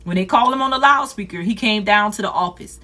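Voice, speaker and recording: A woman on a phone livestream, telling a painful personal story in a rapid, repetitive, earnest way. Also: medium pitch, bright, forceful tone. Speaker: livestream host.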